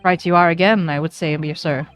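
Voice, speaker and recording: Woman doing a lilting Irish gentleman witness, rambling. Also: lowish voice, steady tone, a little fast, clean tone, soft background music, lightly acted. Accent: put-on Irish. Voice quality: lilting, folksy turns of phrase.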